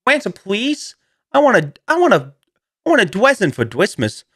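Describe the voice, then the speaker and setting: A man's voice: sits high, wildly swooping pitch, moderate pace, sharp tone, breathy edge, dry recording, studio quality, voice pushed up, heavily acted. A man putting on the voice of a little kid with a speech impediment who swaps r sounds for w, begging for a present. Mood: pleading. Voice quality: swaps r for w, lisping childish whine.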